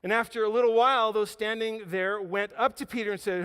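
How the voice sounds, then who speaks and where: A man's voice: high-pitched, fairly even intonation, fast, hardly any pauses, clear, resonant tone. Pastor, male, preaching a sermon with dramatic dynamics; long reverb of a big room. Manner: dramatic storytelling, swings between loud emphasis and quiet near-whispers. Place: church auditorium. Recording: hall reverb.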